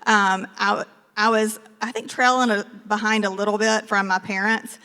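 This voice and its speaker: A woman's voice: mid-range voice, flat delivery, normal speed, bright, forceful tone, clean tone. Earnest woman speaking in a big hall. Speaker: real estate team leader speaking on stage. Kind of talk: motivational talk with personal story. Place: large conference hall. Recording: long reverb of a large hall.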